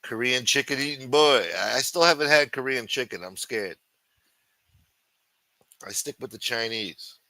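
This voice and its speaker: A man's voice: mid-range voice, moderate pace, pauses often, no echo. A man hosting a live chat stream, swearing constantly, taunting and then muttering as he answers the chat. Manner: loud, taunting, swings between shouting and muttering. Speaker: livestream host. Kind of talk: profane live chat rant.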